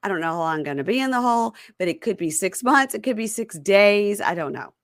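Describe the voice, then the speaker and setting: A woman's voice: mid-range voice, animated, fast, lightly acted. A woman playing an incarcerated man who keeps dodging questions, in a mocking retelling. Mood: whiny. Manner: evasive, mock-pleading retelling.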